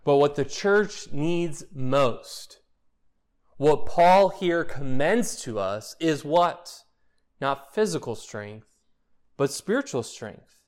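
A man's voice: on the high side, animated, slow, a little mellow. A man preaching a sermon as pastor, building to emphatic peaks and asking repeated questions.

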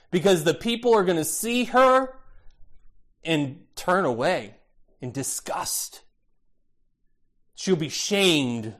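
A man preaching a sermon, expressive, asking rhetorical questions and acting out the voices he quotes. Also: a little high. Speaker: pastor.

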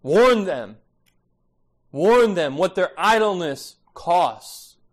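A man's voice: high-pitched, lively intonation, extremely slow. Emphatic male pastor preaching. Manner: emphatic, repetitive, frequent tag "right?". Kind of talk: expository sermon.

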